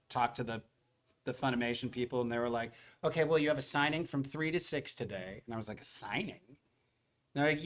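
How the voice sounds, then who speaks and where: A middle-aged man, a voice actor, telling stories to a convention audience in an animated way, acting out the other people's lines. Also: medium pitch. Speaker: voice actor at a fan convention panel. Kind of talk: anecdotal storytelling to a live audience.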